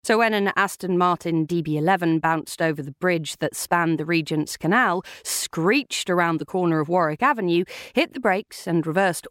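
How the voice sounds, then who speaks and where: Woman, audiobook narrator, dramatic measured reading, low voice, dry studio sound. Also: fairly bright tone, no room sound. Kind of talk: scripted narration.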